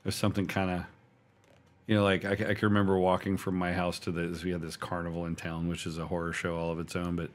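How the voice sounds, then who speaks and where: A middle-aged man in a relaxed group chat after a tabletop game, rambling with laughs and trailing-off restarts. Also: deep voice, fast.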